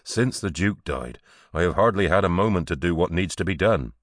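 A man voicing a tired, patient medieval tanner in a plain low voice. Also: animated, brisk, no echo, studio quality. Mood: weary. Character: weary medieval tanner, husband and father.

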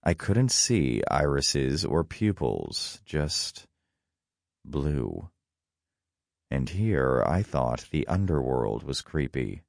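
A man with an extremely deep voice reads a first-person story in a wry, dry manner. His delivery is slow but melodic, rising and falling through the sentences. The recording is close and dry, with no room sound. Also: sing-song, creaky, dry recording. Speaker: narrator. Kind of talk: first-person audiobook narration.

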